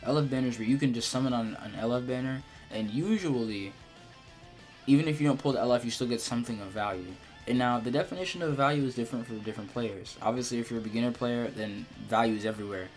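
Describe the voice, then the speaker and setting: A young man talks through his opinions on a game in an unscripted, rambling way, often repeating words and trailing into ums. His pitch sits in an ordinary middle range for a man. Faint guitar music plays quietly underneath. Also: fast. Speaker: gacha game video creator. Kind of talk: unedited casual game commentary.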